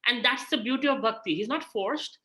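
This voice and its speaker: A man's voice: very high-pitched, a little fast, rough recording. A man with an Indian English accent giving an informal scripture talk, telling stories and acting out the voices of people in them. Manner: animated storytelling, acts out quoted voices. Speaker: spiritual teacher.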